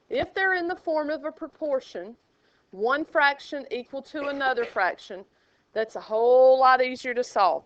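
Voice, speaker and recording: A woman's voice: high-pitched, a bit bright, dry recording. Playful woman teaching math. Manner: playful, sing-song asides. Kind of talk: classroom lecture. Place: classroom. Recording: dull lo-fi classroom recording.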